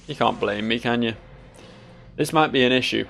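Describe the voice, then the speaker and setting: Gravelly sleep-deprived man rambling. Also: medium pitch, moderate pace, long pauses, fairly bright tone, faint music behind. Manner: rambling, sweary, self-mocking asides. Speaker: let's play host. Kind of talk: casual gameplay commentary.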